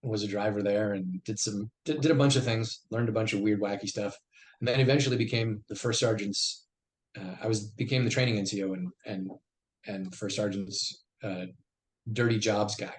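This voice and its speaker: A man's voice: on the low side, normal speed. Brief army veteran man telling stories. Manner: acts out quoted dialogue in lively bursts. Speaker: podcast guest, army veteran. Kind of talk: conversational storytelling.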